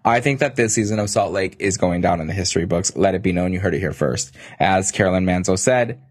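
A man co-hosting a podcast in a casual, animated and gossipy chat, full of jokes. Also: low voice, quick pace, no echo, studio quality. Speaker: podcast co-host.

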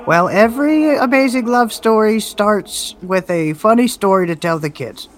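Brash, lively man playing a tabletop character. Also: high-pitched, moderate pace, slight background noise. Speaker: player. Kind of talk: in-character tabletop role-play.

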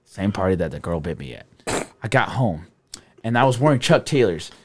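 A man guesting on a podcast, telling stories in a casual chat, loud, laughing and swearing a lot as he acts out the voices of the people in them. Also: lowish voice, lively intonation, brisk.

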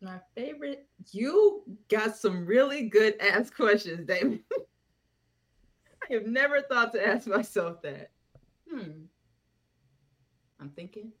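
A woman joins a casual podcast as a guest, teasing and blunt in her replies. Her pitch moves up and down a lot as she talks. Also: animated, slow, long pauses.

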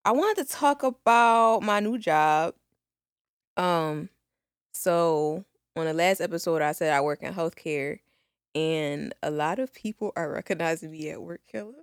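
A woman's voice: on the low side, measured pace, clear, resonant tone, dry recording, clean studio sound. A woman in her twenties co-hosting a podcast, chatting loosely with slangy asides and laughs. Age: 20s. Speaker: podcast co-host. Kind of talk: casual chat.

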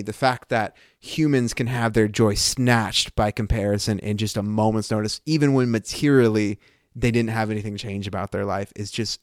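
A man's voice: mid-range voice, no room sound, studio quality. A man co-hosting a casual Bible discussion podcast, thinking aloud and often breaking off to restart his sentences. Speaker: podcast co-host.

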